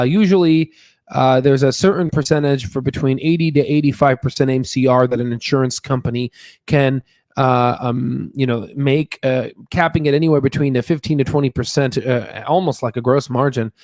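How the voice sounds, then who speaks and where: A man's voice: medium pitch, darkish tone, dry recording, studio quality. A man hosting a stock market channel, talking casually and emphatically, repeating himself with lots of fillers and "okay?" tags. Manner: emphatic, repeats words, many fillers and tag questions. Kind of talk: casual stock analysis talk.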